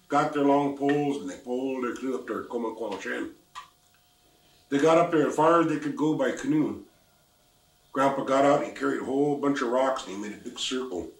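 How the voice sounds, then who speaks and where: An older man from the Pacific Northwest telling a folk tale in a lively, folksy way with exclamations. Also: mid-range voice, gravelly. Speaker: storyteller. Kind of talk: oral storytelling. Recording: roomy, mic at a distance.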